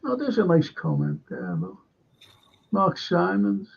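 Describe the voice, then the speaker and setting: High gravelly rambling male host. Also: huge pitch swings, a little slow. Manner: rambling, many restarts, reads viewer comments aloud. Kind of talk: casual talk-show chat. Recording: dull lo-fi sound.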